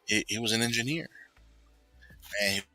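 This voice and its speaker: A man casually telling a personal story, rambling and filling pauses with "you know.". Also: on the low side, bright, forceful tone, soft background music, low-quality recording.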